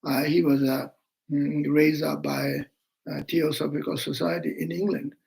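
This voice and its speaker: Older male dharma teacher, very gravelly, slightly high-pitched, halting English with fillers. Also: level tone, a little mellow, low-quality recording. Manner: halting non-native English, many fillers, acts out quoted people. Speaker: Buddhist teacher.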